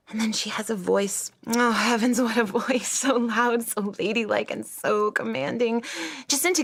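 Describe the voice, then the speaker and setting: A woman's voice: medium pitch, gravelly, a bit bright, dry recording. A woman playing a vain, scornful young maidservant in a stage play, delivered with haughty mockery.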